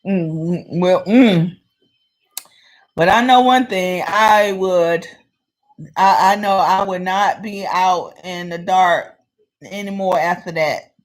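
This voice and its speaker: Woman vlogger telling a story, chatty and animated, does the voices. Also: on the low side, takes it slowly. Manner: animated, acts out the people in her story. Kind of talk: casual storytelling.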